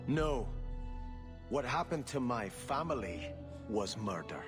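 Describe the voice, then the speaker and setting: A grim Scottish prince bent on vengeance. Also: male voice, medium pitch, big pitch swings. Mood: grim resolve. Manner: grave, measured, determined. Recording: game audio over loud music.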